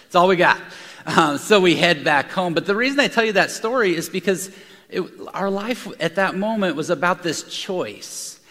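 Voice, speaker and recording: A man's voice: high-pitched, expressive, moderate pace, pushed and bright. A man preaching a sermon to a room, telling stories and often repeating his words as he goes. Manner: storytelling with frequent repeated words. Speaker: pastor. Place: large room with an audience. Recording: long hall reverb.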